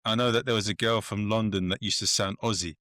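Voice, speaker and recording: A man's voice: on the low side, steady tone, quick pace, bright, forceful tone, no room sound, studio quality. A man hosting an interview podcast, enthusiastic and a little rambling, with frequent restarts. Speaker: podcast host. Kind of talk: casual interview chat.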